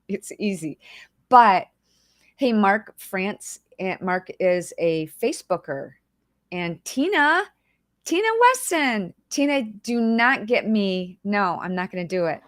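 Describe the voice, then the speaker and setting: A woman speaks slowly at medium pitch as she hosts a casual livestream. She is chatty and emotional, holds back tears and welcomes viewers by name, in a dry, clean studio recording.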